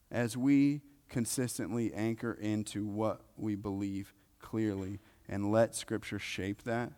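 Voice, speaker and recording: A man preaching a sermon, emphatic, repeating key phrases and swinging between loud and soft. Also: fairly low pitch. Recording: long reverb of a large hall.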